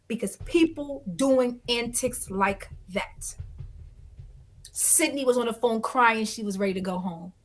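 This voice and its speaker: High-voiced woman telling a dramatic story. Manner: dramatic and expressive, acting out others' voices, blunt. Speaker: guest, reality dating show cast member. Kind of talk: animated storytelling in a podcast interview.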